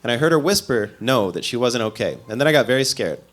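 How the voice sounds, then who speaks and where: Man, stand-up comedian, from the Midwest, self-mocking, dry asides, middle pitch. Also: animated, fast, a bit bright. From American Midwest.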